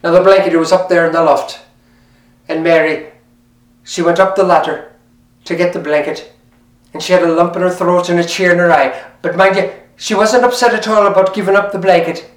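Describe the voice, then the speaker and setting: A man's voice: sits high, fairly even intonation, a little fast. A man telling a folk tale in a lilting, conversational way, talking straight to the listener. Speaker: storyteller. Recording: roomy, mic at a distance.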